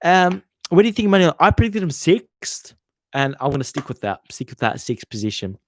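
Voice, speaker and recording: A man's voice: on the high side, sing-song, brisk, a little hiss or hum. Chatty, swearing man streaming. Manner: chatty and rambling, swears freely, trails off mid-sentence. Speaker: football channel host. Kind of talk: casual livestream chat reading viewer comments.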